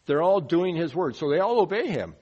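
A man preaching a sermon in a conversational way, asking the listeners rhetorical questions and swinging between quiet asides and loud, emphatic bursts. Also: fairly high pitch, big pitch swings, a little fast, breathy edge, dull audio.

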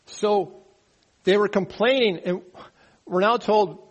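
Higher-voiced man preaching a sermon. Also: takes it slowly, dull audio. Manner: teaching, asks the congregation questions; mocking grumblers in a rising, louder voice. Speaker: pastor. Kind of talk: verse-by-verse sermon.

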